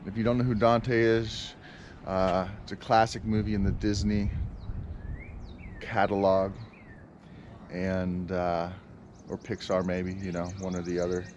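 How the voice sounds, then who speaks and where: A man's voice: low voice, flat delivery, unhurried, pauses often, darkish tone, dull audio, a little hiss or hum. A man talking casually outdoors in his yard for a vlog, rambling and exasperated, with many fillers and restarts. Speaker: vlogger.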